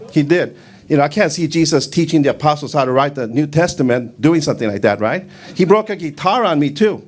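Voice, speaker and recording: A man in his fifties doing a stand-up comedy set on a club stage, rambling in a deadpan way with lots of fillers. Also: on the high side. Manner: rambling, deadpan delivery with frequent fillers, breaks into shouted Spanish quotes.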